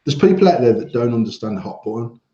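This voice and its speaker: A man tells stories from his shop in a loose, swearing podcast chat. His voice is mellow and warm. He sounds a bit dull and roomy, as if recorded in an echoey space. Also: medium pitch, fast talker. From United Kingdom. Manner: swearing storyteller, animated when telling anecdotes. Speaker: podcast co-host, vape shop owner. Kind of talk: casual banter podcast.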